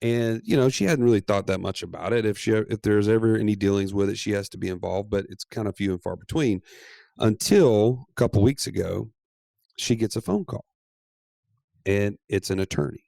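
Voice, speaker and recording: Gravelly, animated male podcast co-host. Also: on the low side, moderate pace, no room sound, clean studio sound. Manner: animated, playful, laughs often. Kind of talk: casual storytelling chat.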